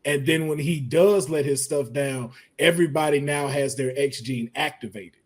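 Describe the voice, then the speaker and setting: Animated slangy man hosting a podcast. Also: on the high side, moderate pace, slightly rough. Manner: animated, slangy, laughs a lot. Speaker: podcast host. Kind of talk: casual chat.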